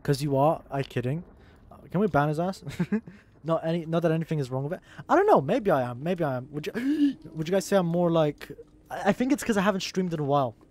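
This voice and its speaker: A man's voice: fairly high pitch, fast, darkish tone. A young adult man streaming live, bantering crudely with his chat, laughing and teasing, with a sore throat.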